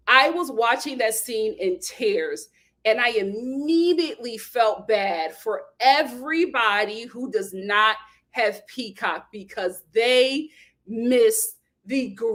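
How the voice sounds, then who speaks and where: A woman casually recapping a reality TV episode, animated, acting out quotes and laughing often. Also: a little high. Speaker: reality TV commentator.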